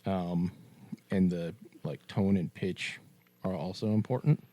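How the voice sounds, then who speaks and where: A man's voice: low voice, measured pace, warm tone, no echo. A man co-hosting a casual podcast chat, laid-back and blunt, with casual swearing. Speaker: podcast co-host.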